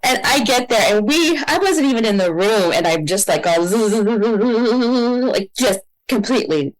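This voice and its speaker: A woman guest on a podcast, a holistic coach telling a personal story in an animated way and acting out quotes. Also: normal speed, poor audio. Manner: animated storyteller, acts out quotes with big pitch jumps. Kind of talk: casual storytelling in a podcast interview.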